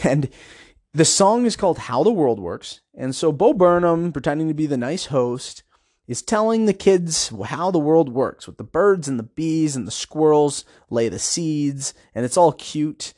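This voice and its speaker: A man's voice: on the high side, animated, a little slow, a little mellow, no room sound, studio quality. Enthusiastic man rambling about a film. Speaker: video reviewer. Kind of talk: casual film commentary.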